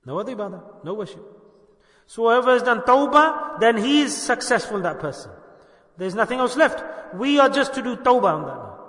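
A man's voice: extremely high pitch, big pitch swings, fairly quick, fairly bright tone. An older man, a shaykh leading a dhikr gathering, giving an informal sermon and keeps putting questions to his listeners with light humor. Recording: echoey hall with long reverb.

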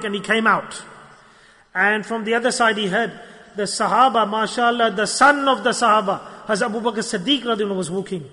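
A man giving an animated storytelling sermon at a gathering, acting out dialogue and using Arabic religious terms. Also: high-pitched, fairly quick. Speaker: preacher. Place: gathering hall. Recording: long hall reverb.

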